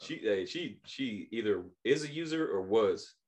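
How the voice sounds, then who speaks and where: A man in his thirties spins a story on a casual podcast. His pitch swings widely, he laughs a lot, and he slips in quick impressions of the people he met. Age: 30s. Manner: animated, laughs often, acts out quoted voices. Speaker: podcast co-host.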